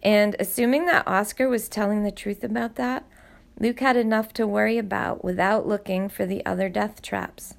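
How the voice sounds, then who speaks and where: A woman reading a novel aloud with expressive, steady audiobook narration. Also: medium pitch, normal speed, gravelly. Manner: expressive storytelling.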